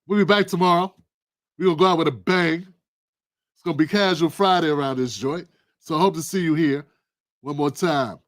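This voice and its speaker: A man hosting his own political commentary livestream, talking in an animated, preachy, colloquial way. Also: fairly high pitch, a little fast, long pauses, dry recording, studio quality. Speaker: livestream host.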